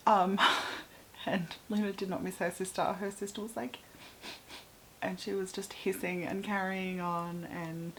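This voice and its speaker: A young Australian woman talks casually at a mid pitch, rambling with plenty of fillers. Her voice often drops into a breathy half-whisper, and a faint hiss sits under the recording. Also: poor audio. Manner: chatty, many fillers, dips into soft breathy half-whispers. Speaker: vlogger. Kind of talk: casual personal storytelling.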